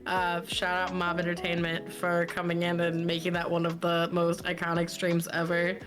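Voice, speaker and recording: A woman's voice: on the low side, completely flat delivery, moderate pace, music in the background. A woman co-hosting a podcast in casual chat, giggly and playful as she steers the conversation. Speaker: podcast co-host.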